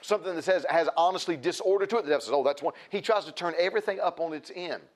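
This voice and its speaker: A man's voice: on the high side, very fast. A man preaching a sermon in a folksy, repetitive way, building emphasis.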